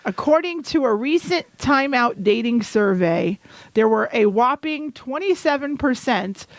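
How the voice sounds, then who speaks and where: A woman co-hosting a casual podcast chat, animated and teasing, often laughing. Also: on the high side, a little slow, no room sound. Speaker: podcast co-host.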